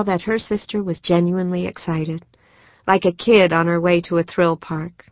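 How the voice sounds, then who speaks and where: A woman narrating a novel in a measured, steady audiobook reading. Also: deep voice, no room sound. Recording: dry, slightly muffled studio recording.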